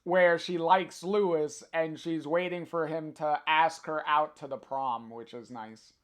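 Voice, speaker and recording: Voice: medium pitch, fairly even intonation, a little slow. A livestreamer reading a comic aloud on stream, hesitant with many filler sounds and chatty asides to viewers.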